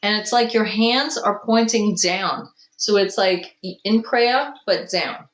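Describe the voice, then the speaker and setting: A woman gives a slow, unhurried tarot reading, musing aloud and gushing softly over each card. Her throat is a little rough from allergies. The sound is dull and roomy, with a faint hiss behind her. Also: medium pitch. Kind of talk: casual tarot reading to camera.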